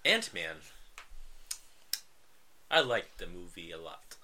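A man's voice: deep voice, sing-song, slow, sharp tone. A man co-hosting a podcast in casual chat, laid-back, with short replies and frequent laughs. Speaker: podcast co-host. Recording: faint hiss, poor audio.

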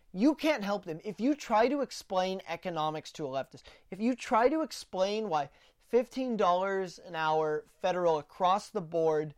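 A woman with a fairly low, darkish voice hosts a political podcast full of ranting, opinionated commentary. She ridicules opponents through sarcastic put-on quotes and often stumbles over repeated words at the beginning of sentences.

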